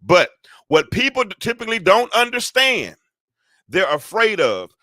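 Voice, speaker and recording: A middle-aged man talks through a solo talk show like a preacher, joking and calling on his listeners for agreement. His voice sits a little high and sounds bright and forceful. The recording is dry and close. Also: very animated, moderate pace, no echo. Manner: preachy, joking, asks the audience for amens. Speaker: host.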